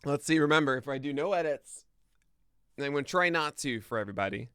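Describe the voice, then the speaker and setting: A man's voice: on the high side, expressive, quick pace, pushed and bright, smooth, no room sound, clean studio sound. A man hosting a morning podcast live on stream, chatting casually with his audience and then running through the day's news. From United States. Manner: chatty and self-deprecating, laughs at own jokes. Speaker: podcast host. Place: home studio, streaming live.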